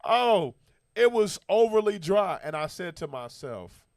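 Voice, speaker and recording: A man's voice: high-pitched, measured pace, slight background noise. A man hosting a casual talk show, telling stories with emphatic, slang-filled delivery. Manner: animated, emphatic storytelling with slang. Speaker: podcast host. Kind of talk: casual chat.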